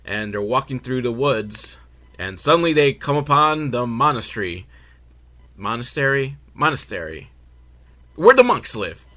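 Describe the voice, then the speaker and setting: A man's voice: medium pitch, sing-song, moderate pace, pushed and bright. A man giving a sarcastic, swearing comedy recap of a film and laughing at his own jokes. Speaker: movie recap host.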